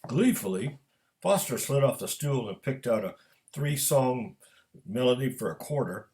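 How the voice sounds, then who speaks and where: A man reading his own story aloud in a measured narrating manner. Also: mid-range voice, animated, dark tone. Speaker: author and storyteller.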